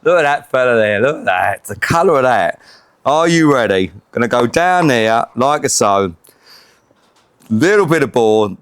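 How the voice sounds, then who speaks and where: A man's voice: mid-range voice, animated, unhurried, fairly bright tone, clean tone. A middle-aged man hosting a casual cooking vlog, joking, laughing often and swearing freely. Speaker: home cooking vlogger.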